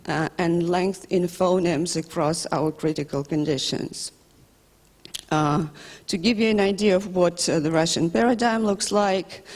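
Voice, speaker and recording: Speaking on the low side with a darkish tone, a female researcher presents a linguistics study at a conference. In the lecture hall's long reverb, she hesitates, restarts, fills pauses, and pokes fun at herself.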